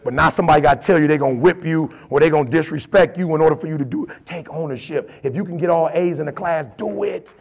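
A man's voice: fairly high pitch, very fast, hardly any pauses, a little mellow. A middle-aged man and motivational speaker, telling stories in a colloquial, emphatic way. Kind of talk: storytelling motivational talk.

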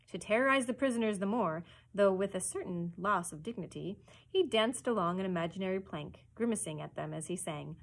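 Breathy woman reading a storybook aloud. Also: mid-range voice, brisk. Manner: expressive storytelling narration. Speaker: children's librarian. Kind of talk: chapter book read-aloud.

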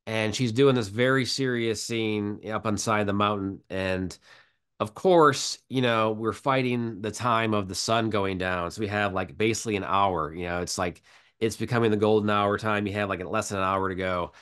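A man with a low, smooth voice chats in an interview. He rambles loosely through his stories and keeps restarting sentences. His tone stays relaxed and conversational. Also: normal speed. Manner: rambling, many fillers and restarts. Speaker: guest, filmmaker. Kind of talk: casual storytelling interview.

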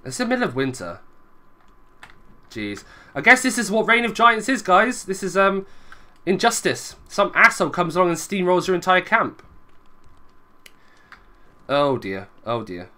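Bright, lively gamer. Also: male voice, high-pitched, unhurried, pauses often. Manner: chatty running commentary, muttering asides to viewers. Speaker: gaming video creator. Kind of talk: let's play commentary.

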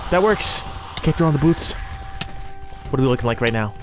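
A man's voice: medium pitch, expressive, fairly quick, over music. A young man narrating his own game role-play in a sarcastic, self-mocking running commentary. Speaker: role-play gaming creator.

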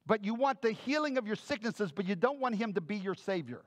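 High-voiced male pastor, dry sound. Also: lively intonation, a little fast, dry recording. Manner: conversational preaching with frequent "folks" and "okay?" asides; reads Bible verses aloud and explains them. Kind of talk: sermon.

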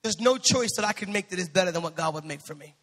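A male pastor preaching a sermon in a church, impassioned, building to shouted peaks and joking with the congregation. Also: high-pitched, animated, fast. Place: church sanctuary. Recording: reverberant church hall.

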